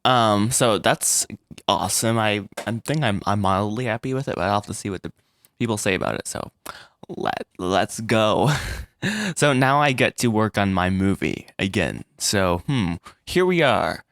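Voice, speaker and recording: A man vlogging about making his animated film, rambling and self-deprecating, with frequent restarts and little laughs. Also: on the low side, normal speed, vocal fry, dry recording, clean studio sound. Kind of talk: casual solo vlog.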